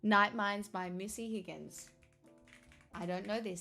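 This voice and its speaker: A woman's voice: on the low side, steady tone, a little slow, fairly bright tone, faint music behind. A woman livestreamer in casual chat, reading viewers' comments aloud and answering them in a playful, teasing way.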